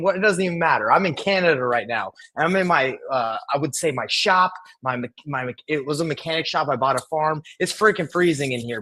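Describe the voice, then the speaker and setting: A young man coaching real estate wholesaling in an energetic, chatty live-streamed lesson from a cold workshop. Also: on the high side. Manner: energetic, hype-style, chatty with viewers. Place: converted cold workshop on a farm.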